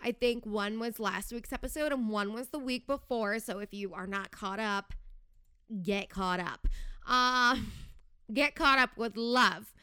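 A woman's voice: on the high side, measured pace, sharp tone, clear, resonant tone, dry recording, clean studio sound. A young woman hosting a podcast, ranting in a chatty, fired-up way with sarcastic jabs and lots of "like". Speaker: podcast host. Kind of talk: casual reality TV gossip rant.

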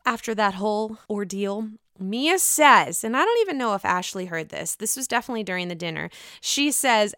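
A young woman hosting a casual chat show, sassy and expressive, swearing freely as she recaps reality TV. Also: mid-range voice, normal speed, clear, resonant tone, dry recording, studio quality. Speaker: podcast host recapping reality TV.

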